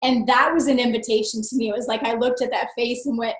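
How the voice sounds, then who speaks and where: A woman guest in an interview, telling stories in a lively, expressive way and laughing often. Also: on the high side, quick pace, hardly any pauses, reverberant, low-quality recording. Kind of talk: conversational interview.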